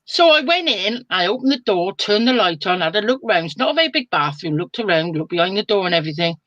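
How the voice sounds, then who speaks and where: A woman's voice: mid-range voice, fast talker, dry recording, dull audio. An older woman tells a story in a chatty, colloquial way. Her voice sits at a middle height and sounds close and dry, with no room around it. She talks over a video call. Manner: chatty and lively, with colloquial exclamations. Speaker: spiritual medium guest. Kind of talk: casual storytelling on a live video chat.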